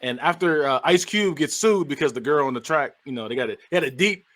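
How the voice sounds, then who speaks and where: Animated podcast host retelling a movie. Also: male voice, fairly high pitch, quick pace. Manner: animated retelling, acts out characters, laughs often. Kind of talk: casual movie recap chat.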